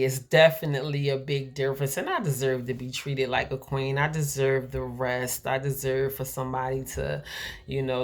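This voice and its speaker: A woman in her forties from the United States, talking earnestly and emphatically to her viewers, her voice climbing when she gets fired up. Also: very deep voice. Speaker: vlogger. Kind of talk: casual encouraging talk to camera.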